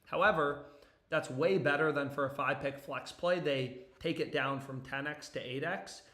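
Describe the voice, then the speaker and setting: A young man chats on a live stream from his basement, his voice a bit higher than most men's. He rambles, swears freely and jumps between topics with rising excitement. The room gives his voice an echo. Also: moderate pace. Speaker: sports betting streamer. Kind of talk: casual live-stream chat. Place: home basement.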